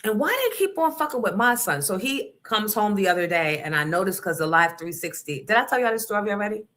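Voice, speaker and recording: A middle-aged woman hosting a livestream, chatting casually and telling stories in an animated, profane way, acting out the other people in them. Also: mid-range voice, brisk. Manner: animated, profane, acts out voices in her story. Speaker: livestream host. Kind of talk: casual chat, storytelling.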